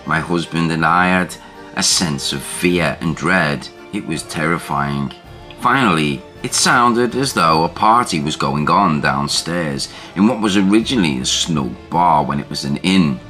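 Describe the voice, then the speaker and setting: A man reads a first-person haunting tale in deliberate, unhurried scripted narration. His voice sits very low yet carries a bright, forceful edge. Soft music plays faintly underneath. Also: lively intonation.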